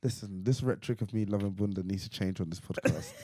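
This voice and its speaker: A man co-hosting a podcast, low-key and self-deprecating, laughing easily. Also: a little fast, darkish tone, no echo, clean studio sound. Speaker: podcast co-host. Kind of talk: casual podcast chat.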